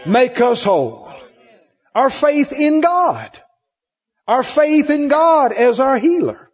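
A man delivers a sermon with emphatic repetition, pressing his congregation with questions. His high, husky voice is very animated yet slow. The recording is muffled, with long reverb ringing from the church hall.

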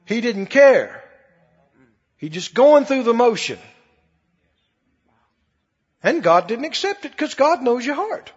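A man's voice: very high-pitched, sing-song, takes it slowly, long pauses, slightly rough. A man preaching a sermon in a folksy, emphatic way, often putting questions to the audience. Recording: dull echoey hall broadcast.

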